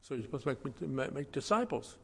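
A man preaching a sermon in a folksy, conversational way, swinging between loud stressed words and quiet asides. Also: mid-range voice, very animated, fairly quick, vocal fry, slightly rough, in a large hall. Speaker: pastor.

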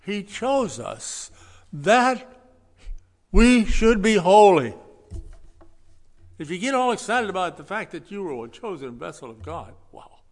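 Emphatic preacher in a reverberant hall. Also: male voice, a little high, gravelly. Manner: emphatic, swings between loud stresses and quiet asides; folksy, conversational preaching. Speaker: pastor. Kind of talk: sermon.

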